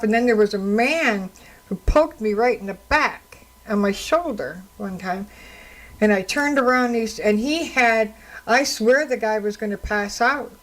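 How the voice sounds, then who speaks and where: This is solo talk-radio commentary from a woman radio host and counselor, speaking by herself into a studio microphone. Her voice sits a little high, the audio is poor, and she tells her stories with conversational indignation.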